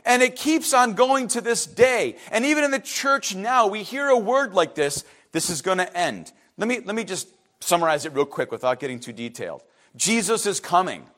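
High, lively passionate preacher man. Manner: passionate, animated, with quick asides to the congregation. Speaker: pastor. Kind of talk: sermon.

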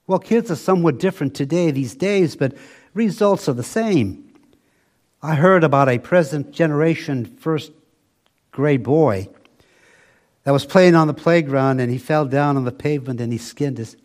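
An older man preaching a sermon, slow and emphatic, often dropping to a soft, low voice for weight.

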